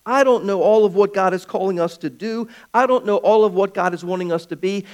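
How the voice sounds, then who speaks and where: A man preaching a sermon as pastor of his church, swinging from loud calls to hushed, quiet stretches. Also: high-pitched, a little fast, clear, resonant tone.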